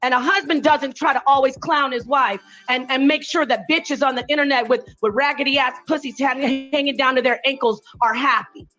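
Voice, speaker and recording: A woman's voice: high voice, fairly even intonation, fairly quick, few pauses, pushed and bright, faint music behind. A woman ranting angrily on a live stream, profane and confrontational. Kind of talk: heated live-stream rant.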